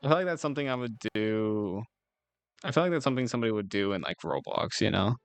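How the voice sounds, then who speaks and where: A man's voice: on the low side, lively intonation, quick pace, clean tone, dry recording. Rambling laid-back young man streaming. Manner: rambling, laid-back, swears casually, giggles often. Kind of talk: casual chat with live chat.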